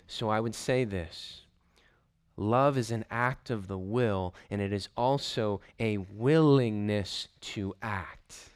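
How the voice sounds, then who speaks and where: A man preaching a sermon, emphatic and deliberate, stressing points by repeating short phrases. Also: on the low side, clear, resonant tone, no echo, studio quality. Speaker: pastor.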